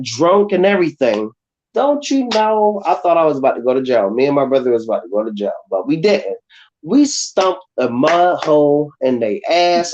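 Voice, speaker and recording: A man telling a rowdy story in casual livestream talk. He acts out the other people in the story as he goes. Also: a little high. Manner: animated, acts out voices in his stories. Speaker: guest. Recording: dull, lo-fi call audio.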